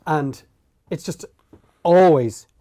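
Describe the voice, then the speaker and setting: A middle-aged man, a podcast co-host telling animated stories about parenting and mimicking himself shouting at his kids. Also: a little high, slow pace. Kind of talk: casual chat.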